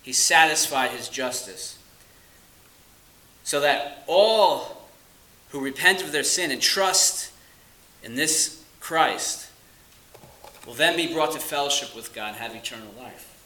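Earnest male preacher in an echoey room. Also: mid-range voice. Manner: earnest, emphatic, with slow stressed phrases and dropping to quiet asides. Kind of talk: sermon.

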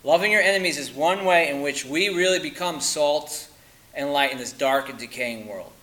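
A man preaching a sermon, emphatic and insistent, firing rhetorical questions and dropping to quiet at the ends of lines. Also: fairly high pitch, normal speed, poor audio.

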